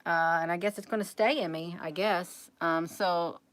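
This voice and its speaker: A woman's voice: on the low side, fairly even intonation, moderate pace, a bit bright, dry recording. A woman hosting a casual livestream, rambling and chatty as she keeps talking straight to her viewers.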